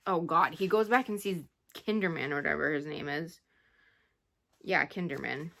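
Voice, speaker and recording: Speaking at a normal speed in a low, fairly bright voice with vocal fry, a woman vlogger talks casually about a book she read. Her retelling is rambling and emotional, with sighs.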